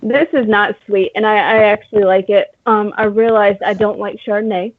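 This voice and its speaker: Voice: mid-range voice, fairly even intonation, normal speed, dry recording. Bubbly co-host laughing easily, dry close sound, bit muffled. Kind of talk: casual chat.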